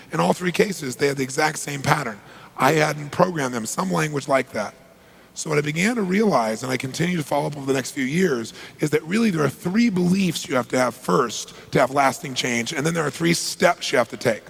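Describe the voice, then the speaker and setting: Gravelly, husky man telling a story. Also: a little high, a bit bright, rough recording. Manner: emphatic, punchy, acts out quoted exchanges. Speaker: motivational speaker. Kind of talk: motivational storytelling talk.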